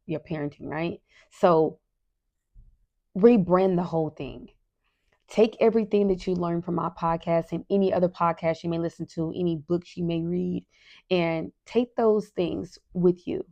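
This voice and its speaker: With fairly low pitch and noticeable vocal fry, a middle-aged woman delivers a casual, heartfelt parenting podcast monologue. She calls her audience "you guys," asks "right?" a lot, and whispers softly for emphasis at times, all on a recording missing its high frequencies.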